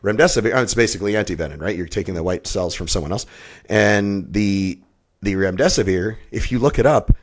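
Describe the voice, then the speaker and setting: A man in his fifties sits as a podcast guest, telling his own story with raw intensity. His voice is fairly low, and he talks bluntly, swearing freely as he goes. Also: a little fast. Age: 50s. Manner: blunt, heavily profane, intense. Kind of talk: emotional personal storytelling.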